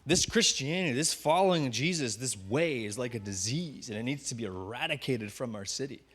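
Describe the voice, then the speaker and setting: A man voicing an angry group of men who plot with low, bitter menace. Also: expressive, brisk, a bit bright, breathy edge. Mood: menacing.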